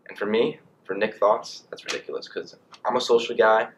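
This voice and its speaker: A young man in college vlogging casually, rambling and animated with lots of fillers. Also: on the low side, a little fast, a little hiss or hum. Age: young adult. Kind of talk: casual monologue to camera.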